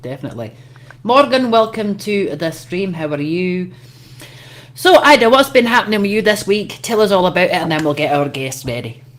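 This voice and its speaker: A woman's voice: fairly low pitch, very animated, normal speed. A brash woman hosting a casual livestream chat, swearing freely and laughing often. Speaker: host.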